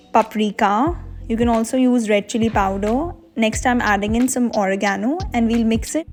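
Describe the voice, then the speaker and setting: A woman's voice: a little high, a little mellow. A young woman, host of a cooking channel, explaining a recipe step by step in a voice-over.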